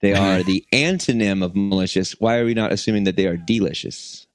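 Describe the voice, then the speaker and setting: A man's voice: low voice, a little fast, no echo. A man co-hosting a comedy podcast, joking around in a goofy, playful way. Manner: goofy, playful, runs with a silly bit. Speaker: podcast co-host. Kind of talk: comedic banter.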